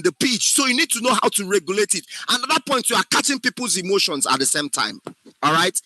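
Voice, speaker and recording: Bright, emphatic acting teacher. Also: male voice, high voice, no echo, poor audio. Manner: emphatic, often checks understanding. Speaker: acting instructor. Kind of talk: classroom lecture.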